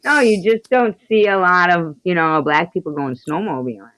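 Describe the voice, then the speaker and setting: A woman's voice: lowish voice, normal speed, fairly bright tone, a little hiss or hum, poor audio. A woman co-hosting a podcast, chatting casually and teasing, often trailing off mid-sentence. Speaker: podcast co-host. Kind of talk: casual chat.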